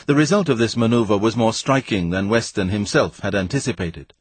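Low husky guy reading a story aloud, dry close sound, wry and even. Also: a little fast, no echo. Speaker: audiobook narrator. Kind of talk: storybook narration.

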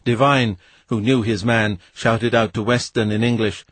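A man reading a novel aloud in measured, even scripted narration. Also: on the low side, no room sound. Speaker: audiobook narrator.

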